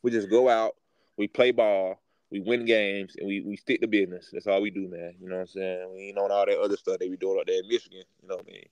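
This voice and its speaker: Excitable man rambling about sports. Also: low voice, quick pace, no room sound, poor audio. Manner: rambling, filler-heavy, excitable. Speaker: podcast co-host. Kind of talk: casual sports chat.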